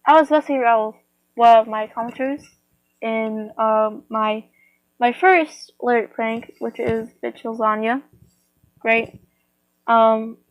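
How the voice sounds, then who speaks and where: A woman's voice: on the high side, dry recording, lo-fi sound. A woman chatting casually to her viewers, rambling with lots of fillers and restarts. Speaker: vlogger.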